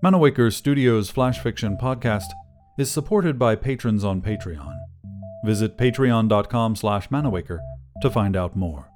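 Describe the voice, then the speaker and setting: Guy reading a flash fiction story, measured, lots of pitch movement. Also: animated, darkish tone, faint music behind. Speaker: podcast narrator and producer. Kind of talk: scripted fiction narration.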